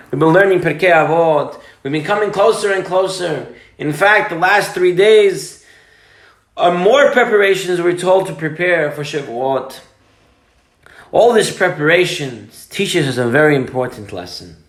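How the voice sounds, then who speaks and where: A man preaching as a rabbi, emphatic, telling a story and mixing in Hebrew and Yiddish terms. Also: on the high side. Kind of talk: sermon with storytelling. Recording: roomy echo.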